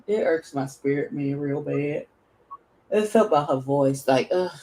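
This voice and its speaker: A woman co-hosting a casual chat show, blunt and animated, swearing freely and jumping into loud, high outbursts. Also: normal speed, a little hiss or hum, rough recording. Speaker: podcast co-host.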